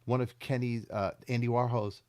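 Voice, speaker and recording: A man's voice: mid-range voice, fairly even intonation, normal speed, a little mellow, no echo. A man hosting a casual interview, reacting eagerly and steering the guests from one story to the next. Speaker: host. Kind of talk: casual chat.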